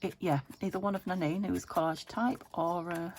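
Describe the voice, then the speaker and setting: This woman talks briskly in a lowish, steady voice, with slight background noise. She's a British junk journal crafter from the UK, rambling casually through her vlog and murmuring to herself as she works.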